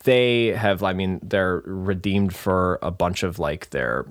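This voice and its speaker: A man's voice: low-pitched, slow pace, no room sound. Rambling young man in a dry room. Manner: rambling, hesitant with many ums. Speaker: podcast co-host. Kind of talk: casual chat.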